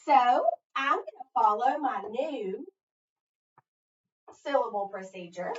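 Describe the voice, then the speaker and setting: Slow, high-voiced woman teaching phonics. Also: animated. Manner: slow, patient, asks and answers her own questions. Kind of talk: phonics lesson demo. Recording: distant, echoey, dull room sound.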